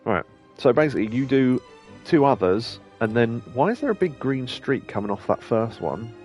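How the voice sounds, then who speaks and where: A man's voice: mid-range voice, expressive, moderate pace, darkish tone, soft background music. Chatty man streaming a game. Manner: chatty, rambling, laughs often, occasionally swears. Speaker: streamer host. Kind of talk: let's play commentary.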